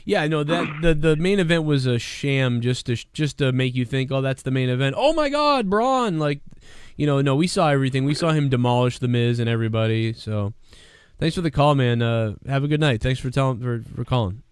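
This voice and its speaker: Smooth-voiced profane talk show host. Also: male voice, medium pitch, a little fast, a little mellow, no echo, clean studio sound. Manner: rambling, profane, storytelling. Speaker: host of a live wrestling review show. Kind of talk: casual call-in chat.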